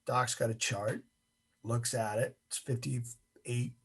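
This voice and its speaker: A middle-aged man, an interview guest, telling a story in an animated way and acting out the scenes. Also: mid-range voice, slow, breathy edge.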